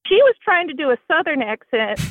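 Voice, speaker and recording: Lady caller on a muffled phone line, kinda high voice, playful, laughs a lot. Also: big pitch swings, fairly quick. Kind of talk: casual chat.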